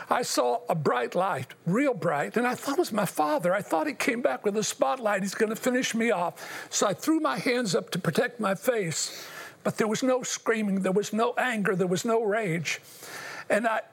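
Husky, gravelly older man telling his story. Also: very high-pitched, fairly bright tone. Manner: earnest, emotional storytelling addressed to the host. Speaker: interview guest. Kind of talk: personal testimony.

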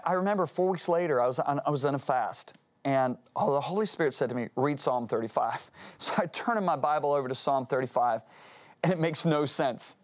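A man guesting on a Christian talk show tells his story with real earnestness. His pitch sits mid-range, yet he swings it widely as he acts out the quotes in a lively voice. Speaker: guest speaker, author.

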